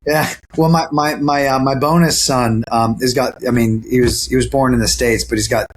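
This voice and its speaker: Speaking from home near a camera, the interviewed actor keeps a mid-range, steady tone at normal speed while talking earnestly and casually, often restarting and using fillers. Some hiss or hum sits in the recording.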